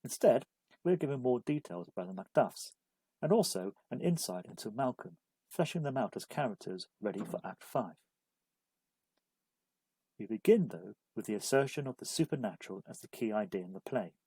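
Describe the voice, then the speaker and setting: A man reads a scripted study-guide lesson in a measured, even way. His voice is mellow and a little husky, and the recording is dry and close. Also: medium pitch, no room sound, low-quality recording. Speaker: literature explainer. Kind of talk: scripted narration.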